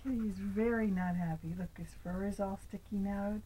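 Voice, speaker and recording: An older woman reading a picture book aloud to her grandchild, gentle, asking the child little questions, sometimes dropping into a whisper. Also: mid-range voice, steady tone, normal speed, noisy background.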